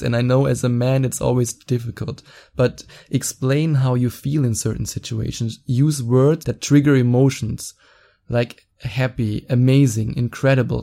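A young man hosting a podcast, giving excited, fast-talking advice in a casual solo chat, quick to laugh. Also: mid-range voice, vocal fry. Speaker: podcast host.

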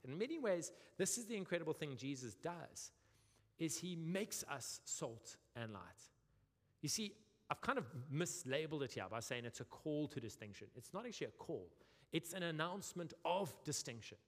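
A young man with a South African accent delivers a sermon with a slightly high voice, lively and humorous, often acting out the voices he quotes. His voice rings out with the long reverb of a church hall. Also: normal speed. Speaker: pastor.

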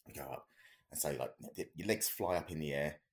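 A man's voice: extremely low pitch, brisk. A man, a podcast co-host, telling a story in a rambling, casual way with many fillers and restarts.

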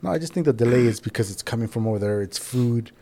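A young man co-hosting a laid-back podcast, chatting in loose, crude banter. He swears freely and slips into little acted-out quotes as he tells his stories. His voice sits at an ordinary middle pitch. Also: quick pace, warm tone. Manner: profane, storytelling, laughs often. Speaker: podcast co-host.

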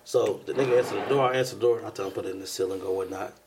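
A young man on a podcast telling a story in casual chat, acting out the dialogue with sudden jumps into a louder, higher voice. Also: rapid-fire, noisy background. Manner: animated storyteller who acts out dialogue in bursts of louder, higher voice. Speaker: podcast co-host.

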